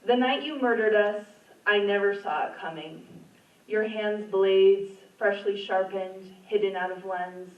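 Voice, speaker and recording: A woman's voice: medium pitch, unhurried. A woman reading her own poems at an open mic in a library community room, in an earnest, emotional voice. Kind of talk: poetry reading. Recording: roomy, distant, dull room sound.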